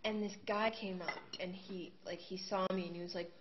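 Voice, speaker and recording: A young adult woman guest in a casual interview, telling stories in a chatty, animated way with many fillers. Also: on the low side, a little fast. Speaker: guest, singing show contestant. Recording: dull lo-fi home video with steady noise.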